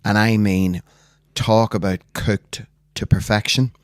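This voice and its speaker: A Northern Irish man sits in a dead, dry studio, chatting with a co-host. His voice sits low, and he tells his stories with gusto. He keeps jumping into the voices of the people he quotes. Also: slow pace, smooth, no echo. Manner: animated storyteller acting out voices of people he quotes. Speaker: podcast co-host. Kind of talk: casual chat, storytelling.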